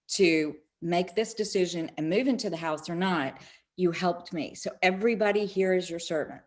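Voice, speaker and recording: In an online summit interview, a middle-aged spiritual speaker tells stories at a moderate pace, her voice on the low side. Her delivery is animated, and she dramatizes each quoted exchange.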